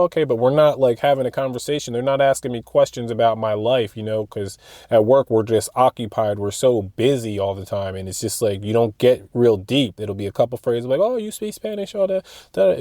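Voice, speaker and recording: A young man tells a story in a loose, rambling vlog monologue, full of fillers and false starts. His voice is mellow and dark. The sound is dry and close. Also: medium pitch, a little fast, no echo. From United States. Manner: rambling, animated retelling with frequent fillers and restarts. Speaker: vlogger.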